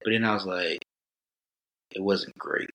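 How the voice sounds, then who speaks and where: Bright-voiced slangy male comic. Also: low voice, fairly even intonation, a little slow, a little hiss or hum. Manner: loose, slangy storytelling with voiced asides. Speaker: comedian guest. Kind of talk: casual chat.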